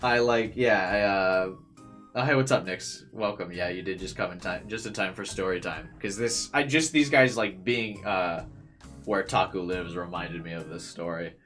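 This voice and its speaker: A man's voice: low-pitched, moderate pace, soft background music. Young man telling a story, swearing. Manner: animated, swears freely, many fillers. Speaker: streamer. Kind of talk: casual storytelling.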